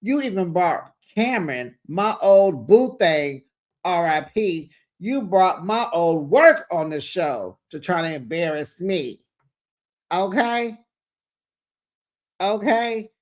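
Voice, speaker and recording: Here is a host doing a blunt reality-TV woman going through her complaints one by one. The delivery is unhurried and close to the host's own voice, with a little extra lift. She is direct and doesn't soften anything. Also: medium pitch, very animated, pitched above the performer's own voice. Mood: confronting. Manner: blunt, listing grievances.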